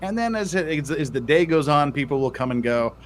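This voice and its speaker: A man's voice: on the high side, lively intonation, brisk, slight background noise. A man hosting a casual livestream, reading out super chats and joking with his co-host in playful banter.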